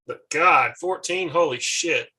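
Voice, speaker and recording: A man's voice: a little high, measured pace, pushed and bright, slightly rough. A man in his forties chatting casually, asking curious questions and teasing his friend. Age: 40s. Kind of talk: casual chat.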